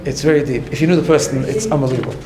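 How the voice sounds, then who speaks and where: Over a loud crowd, a rabbi with a fairly high voice talks very fast while teaching an informal class in a study hall. He's emphatic and conversational, frequently restarting and checking in with "right?" The room is echoey with a faint background hum.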